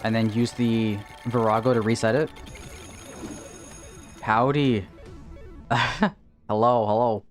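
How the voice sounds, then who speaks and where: Male streamer, mid-pitched, relaxed chat over faint game music. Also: takes it slowly, pauses often. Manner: casual, thinking aloud, greets chat. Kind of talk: live gameplay commentary.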